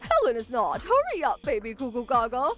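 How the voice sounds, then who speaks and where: A woman voicing a spiteful, nagging mother-in-law in an animated story, with a mocking, taunting way of talking. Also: moderate pace, over loud music. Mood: sneering. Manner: sneering, mocking, shrill taunts.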